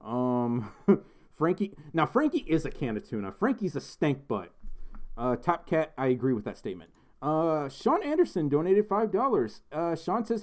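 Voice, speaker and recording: With a fairly high, slightly mellow voice that swings widely in pitch, a young man hosts a casual livestream at a somewhat slow pace. He giggles and rambles through viewer messages, restarting often and filling gaps with ums.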